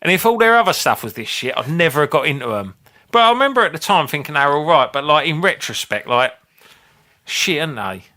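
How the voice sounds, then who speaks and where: Comedy podcast co-host, man, 40s, rambling and sweary, bright tone. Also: on the high side, big pitch swings, quick pace. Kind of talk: casual comedy chat.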